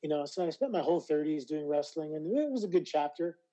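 A Canadian man in his forties, a retired wrestler, telling animated stories as an interview guest. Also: a little high, quick pace, low-quality recording. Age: 40s. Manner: animated storyteller, acts out quoted voices. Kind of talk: casual interview.

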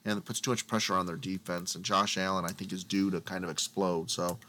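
A man with a lowish voice rants through casual sports talk, addressing his listeners as folks. He swings between grumbling and big theatrical declarations, co-hosting a podcast. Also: little pitch movement, a little fast, pushed and bright, slight background noise. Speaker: podcast co-host.

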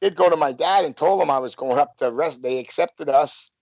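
A man in his fifties spins loose, rambling stories as an interview guest, stumbling through restarts and filler. His voice sits a little high and gravelly. The sound is dry and dull, lo-fi. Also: fairly quick, a little mellow, no room sound. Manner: rambling, full of "you know" and restarts. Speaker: guest, former pro wrestler. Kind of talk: casual storytelling interview.

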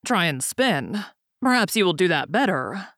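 A woman reading a storybook aloud, voicing a stern male fiddler who scolds his wife slowly and firmly. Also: on the low side, big pitch swings, a bit bright, dry recording, clean studio sound. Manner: scolding, slow and firm. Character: gruff stern male fiddler, a disguised king.

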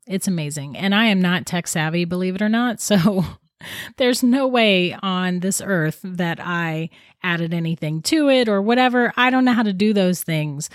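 A woman's voice: on the low side, lively intonation, normal speed, dry recording, clean studio sound. A woman casually telling viewers about an eerie recording, chatty and intrigued, often restarting her sentences. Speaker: paranormal storyteller.

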